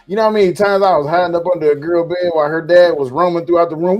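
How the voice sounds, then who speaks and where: A man's voice: fairly high pitch, racing, hardly any pauses, faint music behind. A man telling stories in a casual podcast chat, swearing freely and acting out what people said. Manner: animated, profane storyteller who acts out quotes.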